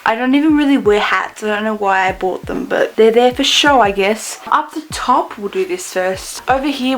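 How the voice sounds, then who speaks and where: A woman's voice: medium pitch, low-quality recording. A young Australian woman talking casually and jokily to the camera as she films her bedroom by hand. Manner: chatty, joking, self-deprecating. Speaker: vlogger. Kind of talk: casual room-tour vlog. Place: bedroom indoors. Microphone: handheld camera.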